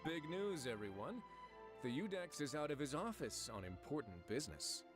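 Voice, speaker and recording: An actor voicing a composed adult male character in a video game, with measured, formal delivery. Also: a little high, very animated, over music.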